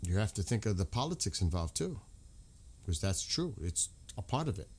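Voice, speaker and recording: A man's voice: fairly low pitch, sing-song, normal speed, a little mellow, husky. Heated American man ranting on a livestream. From United States. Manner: heated, repetitive, swearing. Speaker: livestream host. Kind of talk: casual livestream talk.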